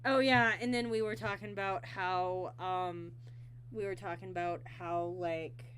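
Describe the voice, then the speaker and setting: A woman hosting a casual livestream interview, talking haltingly with lots of fillers and bursts of giggling. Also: mid-range voice, fairly even intonation, a bit bright, slight background noise. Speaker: stream host.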